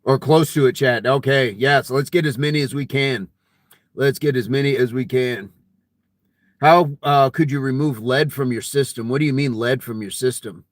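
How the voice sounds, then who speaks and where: A man's voice: mid-range voice, moderate pace, no echo. A man hosting a casual fitness live stream, reading viewer comments aloud in a jokey, friendly way and laughing often.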